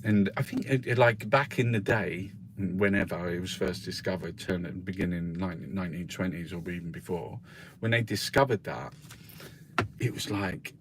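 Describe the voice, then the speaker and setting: A man's voice: low-pitched, fairly quick, slight background noise. A man hosting a casual newspaper review, rambling and swearing freely, with frequent laughs. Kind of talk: casual chat.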